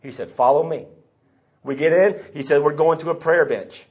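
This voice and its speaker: A man's voice: fairly high pitch, moderate pace, darkish tone, slightly rough. A man giving a recovery testimony, telling his story and voicing the people he quotes. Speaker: recovery meeting speaker. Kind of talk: personal testimony talk. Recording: dull lo-fi recording.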